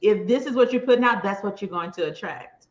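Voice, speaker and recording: A woman's voice: mid-range voice, expressive, fairly quick. Enthusiastic Louisiana woman host on a lo-fi stream. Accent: Southern US, Louisiana. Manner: enthusiastic, folksy, frequent affirmations. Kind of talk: live-stream interview. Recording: echoey room, dull lo-fi sound.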